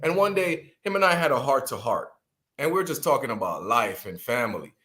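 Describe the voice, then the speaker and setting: A man in his thirties, from Jamaica, tells a long personal story. He is animated and speaks in a middle pitch, often restarting his sentences and acting out the voices of the people in it. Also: brisk. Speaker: guest speaker.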